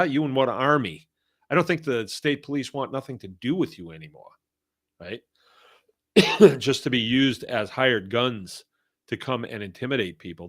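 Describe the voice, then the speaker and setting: A man's voice: mid-range voice, fairly bright tone, no room sound, studio quality. An older man from Massachusetts hosting a podcast, reading listener comments in casual talk with a folksy, blunt manner and frequent chuckles. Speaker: podcast host.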